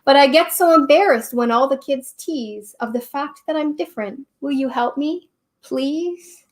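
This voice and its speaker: A woman's voice: sits high, measured pace. A woman voicing a shy young witch girl in a children's story, speaking earnestly and pleadingly.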